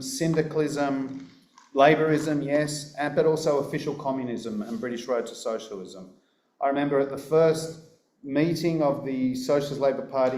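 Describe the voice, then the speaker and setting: Australian man, conference speaker, dry anecdotal delivery, warm tone, reverberant room. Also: mid-range voice, slight background noise. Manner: wry, anecdotal, hesitant with many fillers. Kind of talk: live conference talk.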